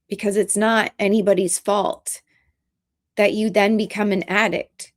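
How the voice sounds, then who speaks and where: A woman vlogger talking in an earnest, halting, emotional way in casual commentary. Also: medium pitch, little pitch movement.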